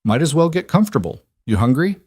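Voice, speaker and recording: A man reading the lines of a capable young woman who speaks gently but firmly. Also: fairly high pitch, sing-song, fast, husky, no room sound, clean studio sound, voice pushed up. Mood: easygoing. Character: calm capable young woman diner worker.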